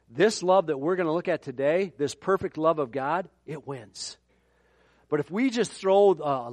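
A man's voice: on the high side, dry recording. A middle-aged man preaching a sermon in a conversational way, with joking asides. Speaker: pastor.

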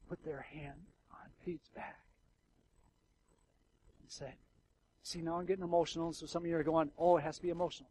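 A man preaching a sermon as the pastor of a church, swinging from hushed, intimate passages to loud, fervent ones, with ironic asides. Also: fairly high pitch, slight background noise, low-quality recording. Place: church sanctuary.

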